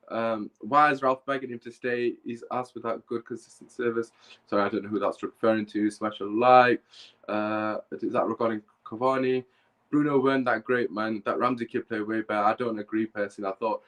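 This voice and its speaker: A man's voice: mid-range voice, a bit bright, rough recording. A man hosting a fan podcast, heated and emphatic, repeating his points, with a bad cough. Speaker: podcast host. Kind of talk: live fan podcast rant and chat.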